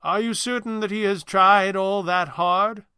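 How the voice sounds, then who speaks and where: A man's voice: high-pitched, moderate pace, bright, forceful tone, clean tone, no room sound, pitched above the performer's own voice. A man voicing a composed male sorcerer who answers threats with dry, amused mockery. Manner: dry, amused, lightly mocking.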